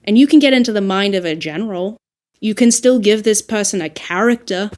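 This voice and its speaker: A woman with an Australian accent, an audiobook narrator talking through her craft in a casual, animated podcast discussion. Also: medium pitch, brisk. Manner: animated, reflective, frequent laughs and fillers.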